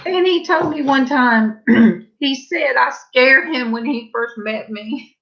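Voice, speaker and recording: A middle-aged woman with a Southern accent, telling rambling, chatty stories in a casual vlog and brightening her voice whenever she quotes herself. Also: sits high, takes it slowly, creaky, dull audio. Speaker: vlogger. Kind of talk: casual storytelling.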